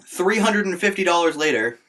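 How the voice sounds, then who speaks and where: A young man co-hosting a podcast, telling work stories in an animated, casual way. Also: high-pitched, fairly quick. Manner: animated storyteller. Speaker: podcast co-host. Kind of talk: casual chat.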